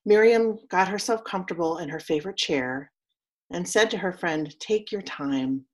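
A woman minister delivering a story sermon in a soft, slow, solemn manner, leading a call and response. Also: lowish voice.

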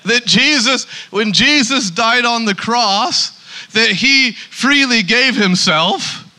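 A man's voice: very high-pitched, slow, pushed and bright. A man preaching a sermon as pastor, emphatic, often repeating words as he starts a sentence.

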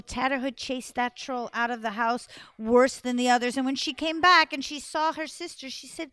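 A woman telling a folk tale to an audience in an expressive, playful way, with dramatic pauses. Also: high voice, smooth, no echo, studio quality. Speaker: storyteller. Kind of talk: animated storytelling to an audience.

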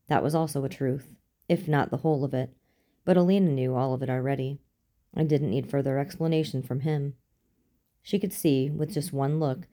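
Female audiobook narrator, low and warm, steady storytelling delivery.

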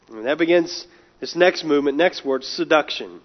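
A man's voice: on the high side, fairly quick. A man preaching a sermon in an earnest, emphatic way, often repeating and restarting words. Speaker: pastor. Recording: dull lo-fi sound.

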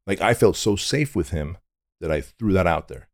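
Man from Armenia, middle-aged, gravelly, very low, candid, blunt. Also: animated, normal speed, no echo, studio quality. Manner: intense and blunt, casual swearing. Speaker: guest. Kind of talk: candid storytelling interview.

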